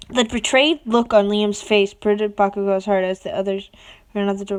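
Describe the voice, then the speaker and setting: A woman's voice: mid-range voice, steady tone, normal speed, a little mellow. A young woman reading a fan story aloud casually, stumbling over words and adding her own comments. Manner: stumbling, laughs and comments between lines. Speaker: fanfiction reader.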